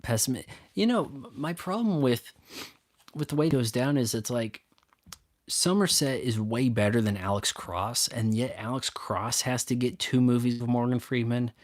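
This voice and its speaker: A man's voice: mid-range voice, normal speed, no echo, studio quality. A man hosting a casual solo chat, rambling and stop-start with sarcastic asides. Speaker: youtube host. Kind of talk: casual solo chat answering viewer questions.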